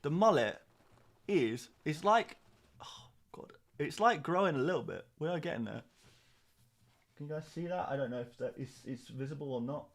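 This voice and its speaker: A man's voice: fairly high pitch, expressive, moderate pace, a little hiss or hum. A young man chatting casually on a live stream, reading out viewer comments in a self-mocking, rambling way. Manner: chatty, self-mocking, repeats words and restarts. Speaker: fantasy football streamer.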